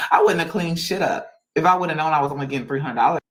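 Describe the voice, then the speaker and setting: A woman's voice: deep voice, fast, poor audio. A woman on a livestream venting her annoyance to viewers and reading chat comments aloud. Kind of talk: casual venting to a live chat.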